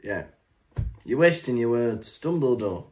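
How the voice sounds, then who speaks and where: A man co-hosting a comedy podcast, giving playful deadpan recaps with silly voices. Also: medium pitch, measured pace. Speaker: podcast co-host. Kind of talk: casual comedic chat.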